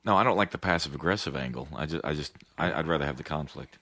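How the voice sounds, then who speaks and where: A man's voice: very deep voice, fast, fairly bright tone. An American man in casual chat as a podcast co-host, wry and joking, swearing freely. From United States.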